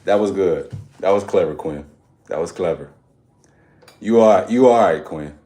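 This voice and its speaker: A man's voice: low voice, a little slow, mellow. A man chatting casually with his live audience during a workout, laid-back and joking. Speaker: fitness streamer. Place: home workout space, indoors.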